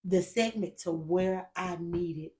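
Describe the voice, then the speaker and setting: A woman's voice: lowish voice, slow pace, darkish tone. A woman co-hosting a casual faith podcast, telling a personal story in a conversational way. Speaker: podcast co-host.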